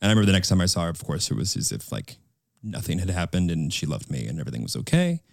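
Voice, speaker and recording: Young man, low voice, dry close sound, rambling podcast storytelling. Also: wildly swooping pitch, rapid-fire, gravelly, no room sound. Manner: rambling, with fillers and restarts. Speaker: podcast co-host. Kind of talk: casual podcast chat. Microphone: studio mic.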